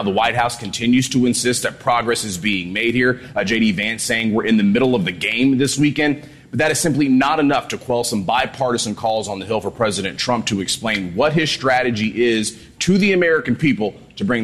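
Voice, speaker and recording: Guy doing a live news hit, kinda husky, steady and measured. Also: on the low side. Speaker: Washington correspondent. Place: outdoors at the White House.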